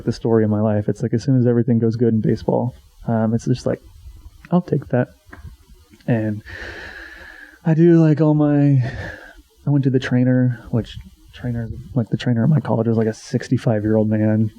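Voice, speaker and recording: A young man telling a long story in a casual, rambling podcast chat, full of swearing and filler words. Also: medium pitch. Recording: dull lo-fi sound.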